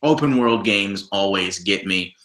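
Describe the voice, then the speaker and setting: A man's voice: on the low side, animated, unhurried, a bit bright, roomy sound. A man co-hosting a podcast, chatting casually about video games, rambling and repeating himself as he rants. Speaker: podcast co-host.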